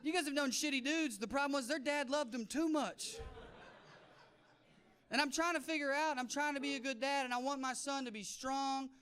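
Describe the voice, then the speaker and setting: A man's voice: very high-pitched, moderate pace. A man in his thirties with a Southern US accent doing a brash, punchy stand-up comedy set on stage. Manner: brash, punchy, mock-shouting crowd work. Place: comedy stage before a live audience.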